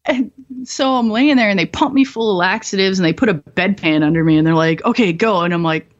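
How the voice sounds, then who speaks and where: On slightly dull podcast audio, a twenty-something woman appears as a guest, sharing her story in a frank, foul-mouthed, self-deprecating way with frequent laughter. She talks a little fast at a medium pitch.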